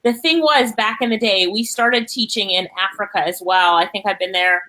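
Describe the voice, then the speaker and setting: Jamaican woman, host, bright voice, chatty, laughs a lot, live online interview. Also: mid-range voice, normal speed, rough recording. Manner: lively, chatty, laughs often. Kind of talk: live online interview, reading viewer comments.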